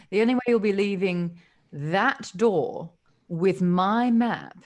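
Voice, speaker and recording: A woman's voice: fairly low pitch, darkish tone. A woman voicing a snooty, greedy male tavern dealer with a haughty, disdainful drawl.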